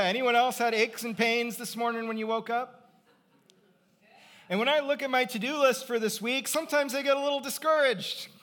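With a very high-pitched voice, a middle-aged pastor preaches conversationally. He swings from loud, emphatic points to quiet, reflective passages.

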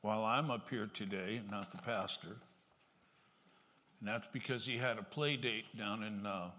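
A man filling in for the pastor, telling a joke to the congregation in a halting, folksy way with many fillers. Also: lowish voice, pushed and bright, a little hiss or hum. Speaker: lay speaker filling in for the pastor. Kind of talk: casual church talk, telling a joke. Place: church sanctuary. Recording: long reverb from a church hall.

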